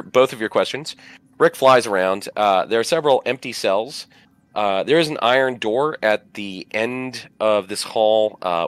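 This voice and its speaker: A man with a deep, clean voice narrates a tabletop session as game master. He drifts through his descriptions with plenty of ums and uhs. The sound is dry, with no room around it. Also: smooth, dry recording. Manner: relaxed, rambling with many fillers.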